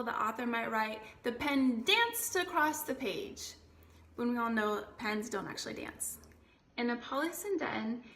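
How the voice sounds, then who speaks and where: A woman's voice: a little high, a bit bright. Woman tutor explaining terms in an echoey room. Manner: clear, explains each term with quoted examples. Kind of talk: explanatory lesson.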